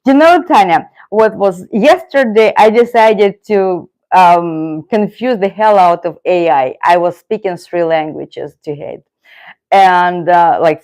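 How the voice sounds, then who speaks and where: Slow-talking woman with Russian accent. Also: lowish voice, darkish tone. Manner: chatty, thanks and greets viewers by name. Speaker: livestream host. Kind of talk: casual livestream chat.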